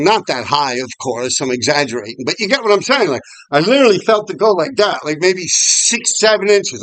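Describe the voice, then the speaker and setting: Vlogger, fairly high voice, casual profane storytelling, dry close sound. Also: male voice, fairly quick, no echo, rough recording. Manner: animated, profane, laughs often.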